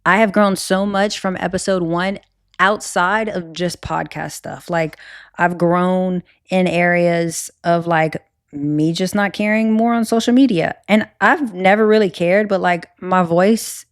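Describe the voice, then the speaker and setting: A woman's voice: on the low side, fairly even intonation, measured pace, no room sound, clean studio sound. A young woman with a Cajun accent hosting a solo podcast, talking candidly with lots of fillers and restarts. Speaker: podcast host.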